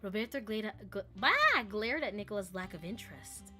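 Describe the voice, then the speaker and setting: A woman's voice: mid-range voice, very animated, normal speed, pushed and bright, faint music behind. A woman game streamer who jokes, laughs often and reads the story text aloud.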